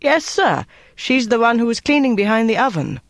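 A man's voice: very high-pitched, sing-song, moderate pace, dry recording, clean studio sound, voice pushed up, heavily acted. A man voicing a worried young army cook who answers nervously and deferentially. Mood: eager.

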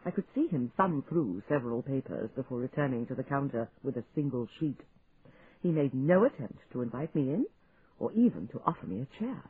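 Expressive male audiobook narrator, phone-like sound. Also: medium pitch, a little fast, breathy edge. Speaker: audiobook reader. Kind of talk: scripted narration. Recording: tinny phone-like sound, faint hiss.

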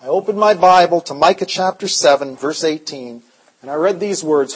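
A man preaching a sermon with a rather high voice. He moves between hushed, slow confession and loud, urgent, rising appeals. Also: breathy edge, poor audio. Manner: impassioned, swings from hushed to loud. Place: conference hall.

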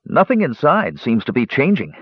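A man's voice: mid-range voice, huge pitch swings, moderate pace, husky, no room sound, lo-fi sound, voice pushed up. A man voicing a weary young mage. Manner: breathless muttering.

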